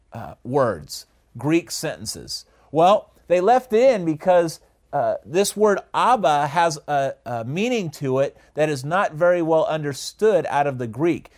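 A man teaching a Bible study in a conversational way, often asking the listeners questions and pausing on "uh". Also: on the high side. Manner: conversational, asks the audience questions, frequent uh fillers.

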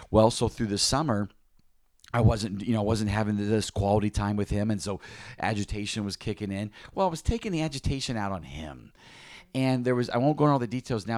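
Lowish voiced ministry guy chatting about prayer, rambly and honest, dry close sound. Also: darkish tone, dry recording. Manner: candid, rambling, frequent restarts and self-mocking asides. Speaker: ministry leader and podcast co-host. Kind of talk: casual faith talk.

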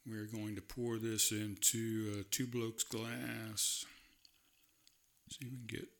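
A man's voice: on the low side, level tone, takes it slowly, creaky, background noise. A man from South Carolina hosting a solo podcast, chatting in a rambling, self-amused way at his desk mic. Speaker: podcast host. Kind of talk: casual solo podcast chat.

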